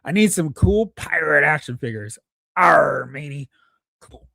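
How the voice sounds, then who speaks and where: A man's voice: fairly high pitch, very animated, normal speed, creaky, sharp tone, no room sound, clean studio sound. A man hosting a live stream, chatting casually, thinking aloud and reading out viewer comments. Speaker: host.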